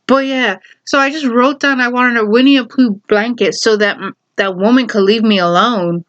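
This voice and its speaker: A woman's voice: on the high side, normal speed, a bit bright, muffled recording. A woman telling a personal story in casual chat, rambling with lots of fillers and frequent laughs.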